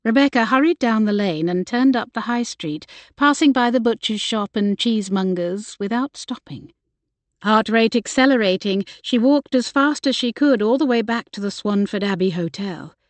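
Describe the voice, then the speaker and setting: A woman reading an audiobook with measured, even storytelling, close to a studio mic. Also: on the high side, dry recording. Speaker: audiobook narrator. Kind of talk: scripted narration.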